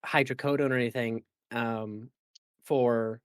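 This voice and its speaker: A man's voice: mid-range voice, fairly even intonation, unhurried, clean tone, no echo. A man hosts a casual gaming podcast in an ordinary mid-range voice. He rambles, fills gaps with "like" and "um" and corrects himself mid-sentence. The sound is dry and close. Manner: rambling, filler-heavy and self-correcting. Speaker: podcast host.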